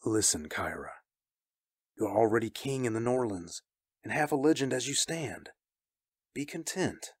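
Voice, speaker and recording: A man's voice: medium pitch, animated, moderate pace, husky, no echo, clean studio sound, voice pushed up. Man doing a grim, somber mercenary. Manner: grave and somber. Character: grim, weary wandering mercenary, adult man.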